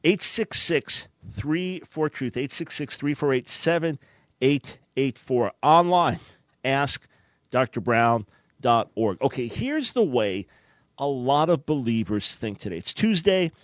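A man's voice: mid-range voice, big pitch swings, takes it slowly, no room sound. A man hosting a radio talk show, teaching the Bible emphatically and asking listeners rhetorical questions.

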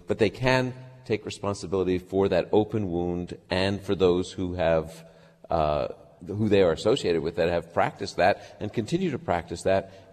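A man's voice: low voice, darkish tone, long reverb tail. A man who is a guest on a radio talk show, telling a reflective personal story in conversation.

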